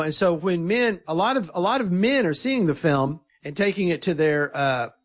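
A filmmaker being interviewed, telling an earnest, animated story and quoting others in his own voice. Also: high-pitched, slightly rough.

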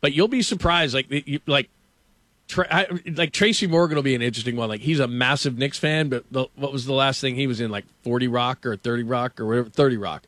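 A man's voice: medium pitch, quick pace, fairly bright tone, no echo. A man hosting sports talk radio, telling a story in a rambling, casual way, laughing often and filling with "like".

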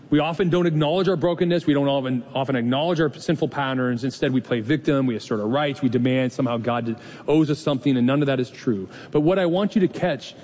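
A man preaching a sermon as pastor, in a conversational, storytelling way with rhetorical questions. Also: warm tone. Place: church sanctuary. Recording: long reverb hall, faint rumble.

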